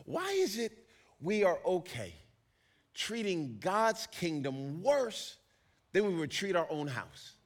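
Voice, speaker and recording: A man preaching as a pastor, animated and acting out little scenes in put-on voices. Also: high voice, slow pace. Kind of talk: sermon.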